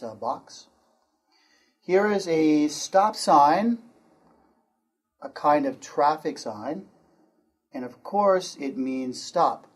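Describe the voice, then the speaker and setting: A man from the United States with an American accent, teaching an English pronunciation lesson and repeating words slowly and clearly for learners to copy. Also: a little high.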